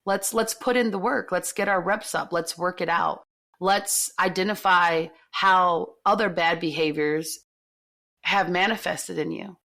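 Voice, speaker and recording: A woman's voice: lowish voice, fairly even intonation, measured pace, sharp tone. A woman telling a personal story on a podcast, in an earnest, emphatic way with repeated phrases.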